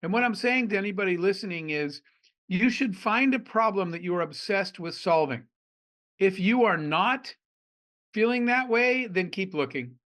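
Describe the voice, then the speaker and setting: A middle-aged man from Arizona, an entrepreneur guest on a podcast, telling animated stories and acting out the dialogue. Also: high voice, moderate pace. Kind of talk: storytelling in a podcast interview.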